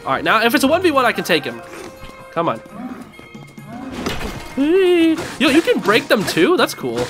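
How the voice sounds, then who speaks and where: A gaming host giving excitable let's-play commentary, reacting aloud and talking to on-screen enemies. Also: medium pitch.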